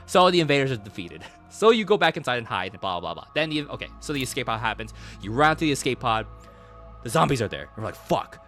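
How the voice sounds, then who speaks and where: A man's voice: mid-range voice, sing-song, fast, fairly bright tone, soft background music. A male streamer casually recapping a game, rambling and swearing, with lots of fillers and restarts. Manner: rambling, profane storytelling with many fillers.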